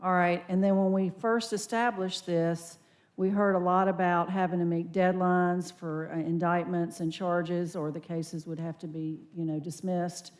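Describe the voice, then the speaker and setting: A woman speaking as vice chair at a public county board meeting, asking direct, measured questions. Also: on the low side, flat delivery, a little mellow.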